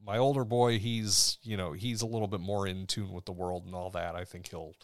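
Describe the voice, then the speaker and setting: A man in his thirties co-hosting a podcast, chatting in a relaxed, rambling way. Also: deep voice, fairly quick, no room sound. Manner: relaxed, rambling, laughs often. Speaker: podcast co-host. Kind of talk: casual chat.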